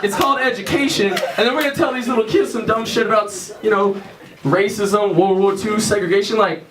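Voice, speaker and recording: A young man performing a crude stand-up comedy set on a theater stage, telling loose stories and switching into quick voices for his friends. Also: high-pitched, steady tone, far from the mic, heavy background noise. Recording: echoey room, mic heard from afar. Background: audience laughter.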